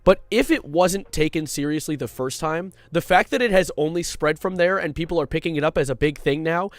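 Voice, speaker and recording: A man's voice: on the high side, brisk, hardly any pauses, no echo. A man in his twenties chatting casually on a live stream, rambling and jumping between reading chat and his topic.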